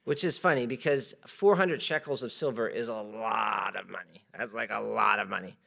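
A man teaching a Bible study in a relaxed, conversational way, with many fillers and asides, reading the verses aloud with more force. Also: lowish voice, moderate pace, vocal fry.

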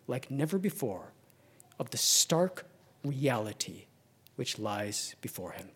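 High-voiced man preaching dramatically. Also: very animated, slightly rough. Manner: dramatic, swinging from ringing emphasis to hushed near-whispers; slow, deliberate repetitions. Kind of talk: sermon.

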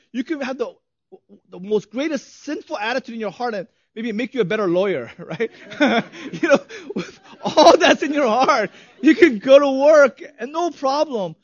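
A man's voice: sits high, no room sound, highs cut off. A man in his thirties preaching a sermon as a pastor, conversational, often asking "right?" and laughing lightly.

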